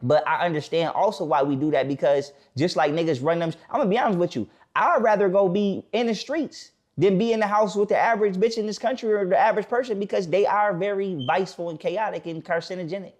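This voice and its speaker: A man with a slightly raised pitch speaks in a casual podcast conversation. He is blunt and profane. He often restarts his sentences and slowly repeats the points he wants to drive home. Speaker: podcast guest.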